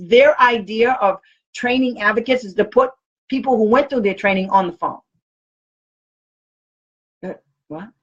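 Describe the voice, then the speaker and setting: A woman's voice: on the high side, a bit bright, husky, lo-fi sound. A woman special education advocate talking casually to camera, blunt and outspoken, often laughing as she speaks.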